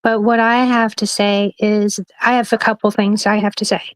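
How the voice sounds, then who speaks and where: A woman's voice: mid-range voice, flat delivery, normal speed, no room sound. A woman speaking as a guest on a livestream, emphatic and rambling, with frequent swearing. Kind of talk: heated livestream chat.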